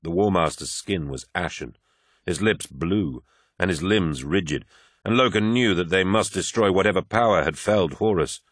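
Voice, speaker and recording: A man narrates an epic battle story with grave, measured weight. His voice sits very low and the recording is bone dry, with no room around it. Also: dry recording. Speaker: audiobook narrator. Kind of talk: dramatic scripted narration.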